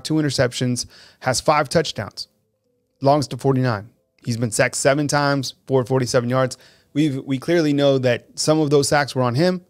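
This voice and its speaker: A man hosting a live call-in sports talk show, talking in an animated, conversational way and reading fan comments aloud. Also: medium pitch.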